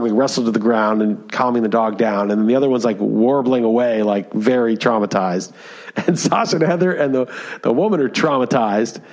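Guy cohosting a podcast, rambly animated storytelling, lots of likes and ums. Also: medium pitch. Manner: animated storytelling with many fillers. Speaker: podcast co-host. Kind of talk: casual chat.

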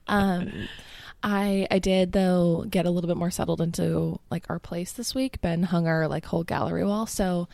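Woman podcast host, low gravelly voice, dark tone, dry close sound, rambling chat. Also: steady tone, moderate pace, no echo. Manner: groggy, rambling with many fillers. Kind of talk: casual chat.

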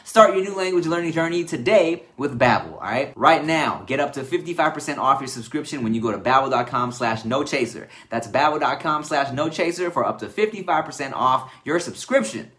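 Man doing a relaxed sponsor read. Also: mid-range voice, fairly quick, few pauses. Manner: casual, conversational asides.

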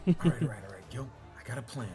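A man playing a tabletop game, excitable and quick to burst into loud in-character yells. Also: medium pitch, soft background music. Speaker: player. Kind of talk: casual tabletop role-play.

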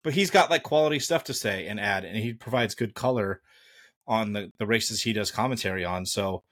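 A man co-hosting a casual podcast, blunt and animated, rambling with fillers as he talks. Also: fairly low pitch, fairly quick. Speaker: podcast co-host.

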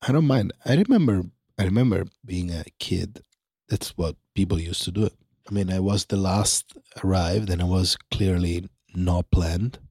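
A man's voice: deep voice, moderate pace, husky, dry recording, clean studio sound. A man with an Italian accent, nasal and congested, chatting casually as a podcast co-host from his bedroom. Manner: relaxed, reminiscing storyteller. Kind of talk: casual chat. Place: bedroom at home.

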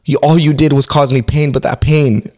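A man's voice: on the high side, level tone, moderate pace, a little mellow. A man talking openly and emotionally as a podcast guest, swearing often and laughing through pain. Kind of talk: emotional casual podcast talk.

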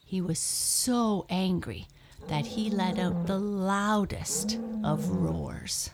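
A woman narrating a bedtime story in a slow, soothing, lilting way. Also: mid-range voice, very noisy.

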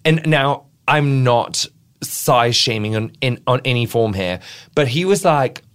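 A man hosting a podcast in casual chat, excitable and rambling, swearing freely. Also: mid-range voice, unhurried, smooth. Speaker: podcast host.

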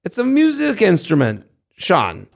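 A man's voice: sits high, huge pitch swings, unhurried, gravelly. A man co-hosting a podcast in casual chat, joking around and laughing often. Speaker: podcast co-host.

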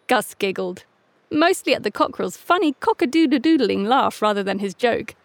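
A woman narrating a children's story in a playful, lively reading voice. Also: a little high, moderate pace, gravelly, background noise.

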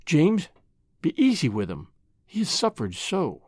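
A man voicing a devoted mother who speaks softly and gently, pleading and tender. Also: high-pitched, huge pitch swings, normal speed, no echo, studio quality, full character voice.

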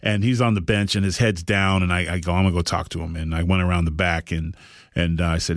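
A man hosting a podcast, telling a long story in casual chat, animated and rambling with frequent restarts. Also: low-pitched, quick pace, dry recording, studio quality. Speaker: podcast host.

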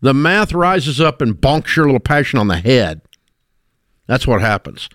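A man's voice: medium pitch, very animated, moderate pace, a bit bright, dry recording, clean studio sound. A middle-aged man hosting a call-in radio show, blunt and emphatic as he lectures listeners about money mistakes. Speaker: radio talk show host.

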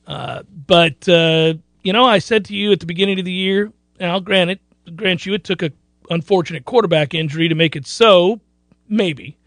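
A man's voice: sits high, moderate pace, a bit bright, dry recording. A man hosting a sports talk radio show, boastful and joking, rambling between bets and news.

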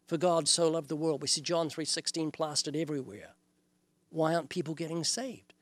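An older evangelist with a New Zealand accent speaks earnestly on an interview show. His voice sits somewhat high for a man. He often slips into quoted dialogue to make his points. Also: fairly quick, no echo. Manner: earnest, illustrative, quotes scripture and acts out dialogues. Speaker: evangelist guest. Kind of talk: preaching in an interview.

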